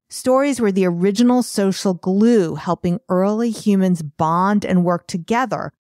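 Low-voiced woman hosting a podcast. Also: a little mellow, dry recording, studio quality. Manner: chatty and self-deprecating, sells her programs. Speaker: podcast host and art business coach. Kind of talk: solo podcast monologue.

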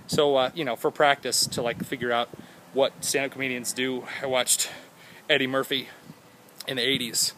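A man's voice: mid-range voice, normal speed, bright, forceful tone, slight background noise, rough recording. A young man vlogging outdoors by his house, rambling and joking in a goofy way. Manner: goofy, jokey, jumps between topics and silly voices. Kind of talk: rambling casual vlog.

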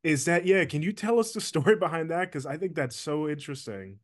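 A man's voice: on the high side, animated, brisk. A man hosting a casual interview, asking eager questions and reacting with enthusiasm. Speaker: interview host.

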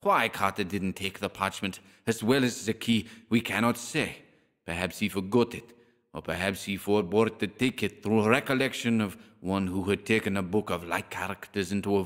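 A man narrating a horror audiobook in a measured, dramatic reading. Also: deep voice. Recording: long hall reverb.

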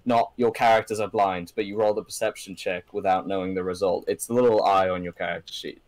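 Halting man running a tabletop game. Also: deep voice, fairly even intonation, no echo. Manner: hesitant, full of ums and restarts. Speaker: game master.

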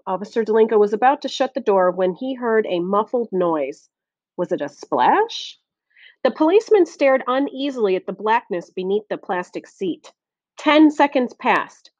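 A woman reading a novel aloud as audiobook narration, steady and clear. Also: a little high, normal speed, no echo, lo-fi sound. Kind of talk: scripted narration.

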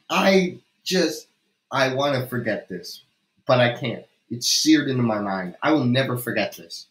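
A man's voice: mid-range voice, expressive, slow, long pauses, fairly bright tone. A man giving ranting game commentary, incredulous, exasperated and dramatic, with lots of swearing. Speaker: video creator. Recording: roomy echo.

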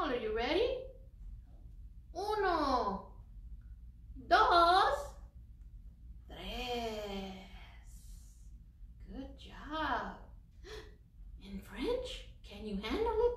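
A children's librarian reading a picture book aloud to young children in an animated, encouraging way, sprinkling in Spanish words. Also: female voice, high voice, extremely slow, pauses often, recorded from a distance. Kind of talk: read-aloud story time for children. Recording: echoey room, voice from off-mic.

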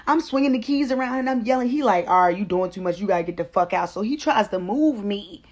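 A young woman telling a comedic storytime in a brash, profane, animated way, acting out the voices of the people in her story. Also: mid-range voice, quick pace, few pauses.

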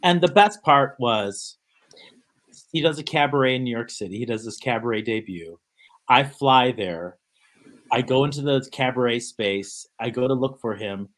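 A man's voice: medium pitch, normal speed. A middle-aged man telling a story in a casual interview, acting out the dialogue he quotes. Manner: animated storyteller who acts out quoted dialogue. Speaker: guest actor and choreographer.

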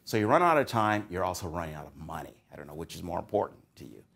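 A man's voice: deep voice, very animated, fast talker, gravelly, a bit bright. A middle-aged man, a psychology professor, giving a recorded lecture to doctoral students in a conversational, musing way, with swings of emphasis.

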